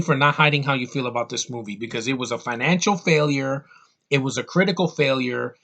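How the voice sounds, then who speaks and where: A man's voice: mid-range voice, animated, moderate pace, a bit bright, highs cut off. A man giving an angry, profane film review, full of sarcastic asides. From United States. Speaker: movie reviewer.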